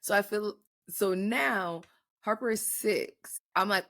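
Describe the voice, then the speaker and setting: A young woman co-hosting a casual podcast, telling stories in an animated way and acting out quotes. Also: mid-range voice, slow pace. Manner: animated storytelling, acts out quotes. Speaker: podcast co-host. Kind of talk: casual chat.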